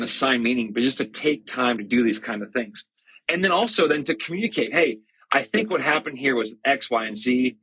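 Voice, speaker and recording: Husky, bright-toned man. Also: medium pitch, low-quality recording. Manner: conversational, self-deprecating storytelling with many fillers. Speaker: church podcast host. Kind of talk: casual reflective monologue.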